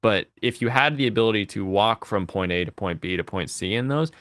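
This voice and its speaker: A man's voice: fairly low pitch, lively intonation, a little fast, a bit bright, no echo, clean studio sound. A man hosting a casual livestream chat, rambling and laughing as he thinks aloud. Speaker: host.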